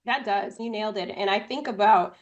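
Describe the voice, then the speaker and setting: A woman guest-hosting a podcast interview, reacting warmly and enthusiastically before asking her next question. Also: mid-range voice, fairly quick, muffled recording. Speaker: guest host.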